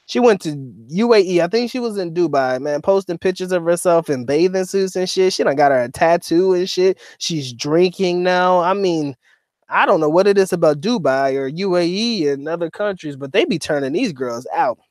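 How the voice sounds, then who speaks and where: A man's voice: high voice, lively intonation, moderate pace, darkish tone, no room sound, studio quality. A man co-hosting a casual livestream, reading chat and talking in a slangy, profane, laughing way.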